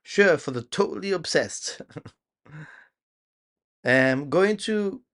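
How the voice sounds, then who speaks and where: A man's voice: on the high side, expressive, slow, fairly bright tone. A man hosting a casual live stream, chatting to viewers, reading their comments aloud and laughing often. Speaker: livestream host.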